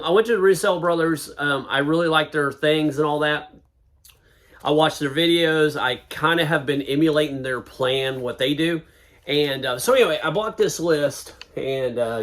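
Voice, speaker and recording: A man's voice: on the high side, fairly bright tone. A man talking casually in a home vlog, rambling with lots of ums and uhs as he goes over his reselling. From Florida. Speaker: eBay reseller vlogger. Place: home room with a neon sign.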